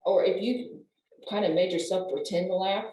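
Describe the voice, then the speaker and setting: An older woman, a wellness professional and guest, explaining things in an animated way and laughing as she talks. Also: lowish voice, moderate pace. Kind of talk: conversational explaining. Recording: roomy, distant from the mic.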